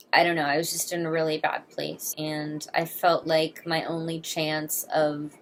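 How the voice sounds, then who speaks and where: A woman's voice: low-pitched, fairly bright tone, slight background noise. A woman in her twenties talking earnestly and candidly to camera in a personal confessional vlog, emotional and blunt. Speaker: vlogger.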